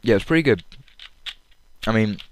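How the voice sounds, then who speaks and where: A man's voice: fairly low pitch, animated, fairly quick, a little hiss or hum. A young man from England, rambling casually in an audio log about a comedy show, full of fillers and restarts. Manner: chatty, lots of fillers and restarts. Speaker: vlogger.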